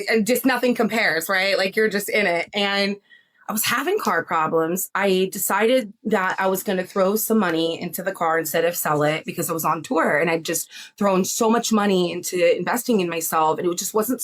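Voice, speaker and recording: Animated woman telling a story. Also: mid-range voice, moderate pace. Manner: animated, laughing, acts out voices. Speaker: psychic medium, podcast guest. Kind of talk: casual storytelling.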